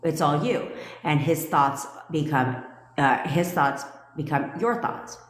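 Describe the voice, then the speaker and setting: A woman's voice: low voice, reverberant, in a large hall. A woman coaching on manifestation in a casual live stream. She talks bluntly, swears freely, laughs often and answers viewers' comments. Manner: blunt, profane, quick to laugh. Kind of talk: casual livestream chat.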